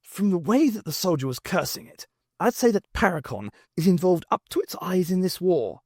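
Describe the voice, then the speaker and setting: Dude voicing a decisive eccentric boffin, lively and sure of himself, dry mic. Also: male voice, high voice, normal speed, breathy edge, dry recording, pitched above the performer's own voice, heavily acted. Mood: urgent.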